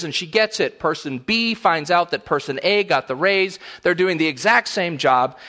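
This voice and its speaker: A middle-aged man preaching a sermon as pastor, animated and conversational, acting out complaining voices in a higher pitch. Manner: animated, acts out whiny quotes in a higher voice.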